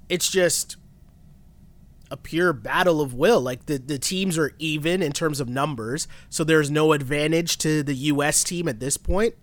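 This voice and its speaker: A man co-hosting a podcast in casual chat, animated and exasperated, laughing often. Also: fairly high pitch, dry recording. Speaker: podcast co-host. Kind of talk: casual chat recapping a reality show.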